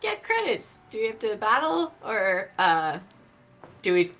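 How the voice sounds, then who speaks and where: A woman's voice: mid-range voice, wildly swooping pitch, measured pace, a bit bright. A woman playing in a tabletop game, talking in a chatty, hesitant, upbeat way. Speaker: player. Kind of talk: casual tabletop role-play.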